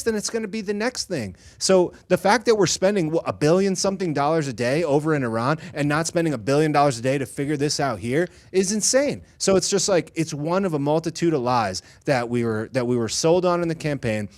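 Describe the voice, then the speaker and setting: A man rants on a podcast, angry and sarcastic, swearing freely as he hammers each point. His voice sits a bit higher than most men's. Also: expressive, fairly quick, hardly any pauses. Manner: angry, profane, sarcastic, emphatic. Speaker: podcast co-host. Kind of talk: heated political rant.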